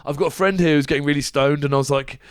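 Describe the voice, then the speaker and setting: A man's voice: a little high, very fast, clear, resonant tone, no echo, clean studio sound. A man co-hosting a podcast, chatting casually with a rambling, self-deprecating manner and frequent laughter. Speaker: podcast co-host. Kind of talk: casual chat.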